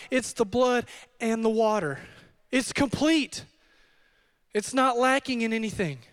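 A man in his thirties preaching a fervent sermon as pastor, swinging from hushed to shouting. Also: very high-pitched, clear, resonant tone.

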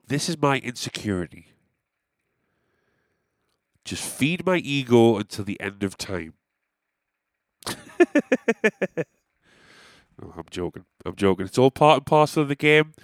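A man's voice: medium pitch, lively intonation, normal speed, pauses often, no echo, clean studio sound. A young man, a musician, telling a rambling, self-deprecating story in casual monologue.

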